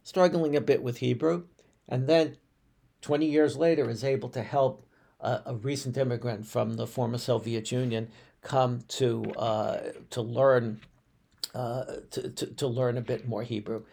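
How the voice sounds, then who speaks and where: A man's voice: medium pitch, steady tone, gravelly, warm tone. A man, a rabbi telling personal stories on a podcast in a reflective way, often restarting his sentences. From United States. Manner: reflective, unhurried, with frequent restarts and fillers.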